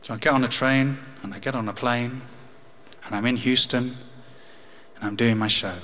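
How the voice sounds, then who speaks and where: A man's voice: medium pitch, steady tone, normal speed, sharp tone, slight background noise. An English man in his fifties telling a personal story, with wry humour and grief. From England. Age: 50s. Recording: long hall reverb.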